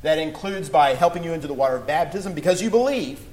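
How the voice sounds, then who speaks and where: A man delivers a sermon in a fairly high voice. He speaks earnestly, slowing down for scripture and rising into emphatic appeals to the congregation. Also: animated, darkish tone, rough recording. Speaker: preacher.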